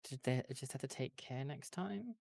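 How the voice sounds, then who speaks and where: A man's voice: mid-range voice, animated, moderate pace, creaky, a little mellow, no room sound. A man co-streaming with his partner, chatting casually and teasing her, laughing often. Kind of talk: casual live-stream chat.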